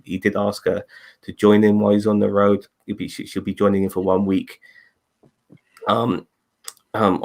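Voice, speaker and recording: A man with a fairly low voice hosts a loose online chat. He rambles, swears freely and stops to correct himself mid-sentence. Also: vocal fry. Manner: rambling, profane, self-correcting. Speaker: podcast host. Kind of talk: casual group review chat. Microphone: video call.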